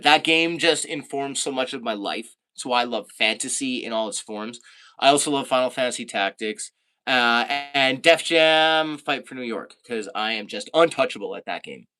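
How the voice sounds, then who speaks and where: A man from Canada chatting casually on a live stream, reading out viewer comments, laid-back and quick to laugh. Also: mid-range voice, sharp tone.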